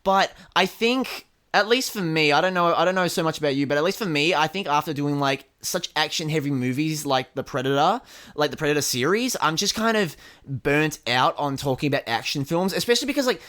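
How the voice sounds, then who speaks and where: A man's voice: on the high side, lively intonation, fairly quick, fairly bright tone. A man co-hosting a podcast, rambling in casual chat with lots of filler words and restarts. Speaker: podcast co-host.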